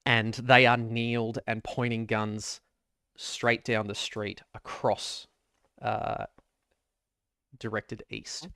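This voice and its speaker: A man as game master, narrating a tabletop game in a measured, descriptive way. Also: fairly low pitch, level tone, pushed and bright, clean tone, no echo, clean studio sound.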